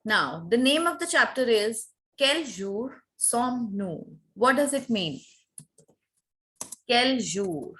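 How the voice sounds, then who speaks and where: A woman leads an online French lesson, slightly high in pitch. She speaks slowly and patiently, repeating words to drill pronunciation. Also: big pitch swings, a bit bright. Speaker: French teacher. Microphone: video call.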